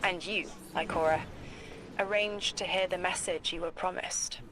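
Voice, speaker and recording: An actress playing a grave, visionary seer who speaks in measured riddles, as video game dialogue. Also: female voice, fairly low pitch, steady tone, background noise, close to an everyday voice. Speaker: mystic guide character. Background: game music.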